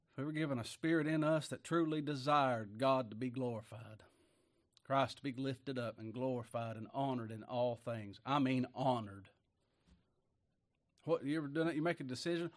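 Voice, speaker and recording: Man preaching with loud and soft swings. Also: mid-range voice. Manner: dynamic, swings between loud emphasis and quiet asides, chuckles often; reads scripture aloud with slow, weighty emphasis. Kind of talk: sermon.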